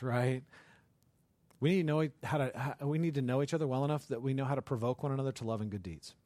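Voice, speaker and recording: Preaching in a chatty, story-driven style, this male pastor keeps asking his listeners tag questions and acts out the voices in his tales. His voice runs a little high, and the recording is dry.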